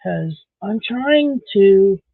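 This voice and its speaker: A woman's voice: medium pitch, expressive, extremely slow, vocal fry, no room sound. A middle-aged woman, chatting casually on a live stream while crocheting, rambling along with dry sarcastic asides. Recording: dry, tinny phone-like sound.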